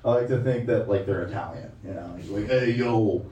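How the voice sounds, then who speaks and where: A man's voice: fast talker, reverberant, recorded from a distance, poor audio. A man doing a stand-up comedy set, brash and crude in his delivery. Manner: brash, crude, loud swings in pitch.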